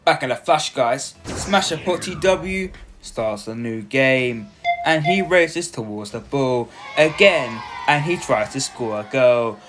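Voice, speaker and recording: A man voicing a stiff robotic male sports announcer, calling a video game match in a formal monotone. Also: medium pitch, takes it slowly. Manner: monotone, formal commentary phrasing. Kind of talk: mock sports commentary. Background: music.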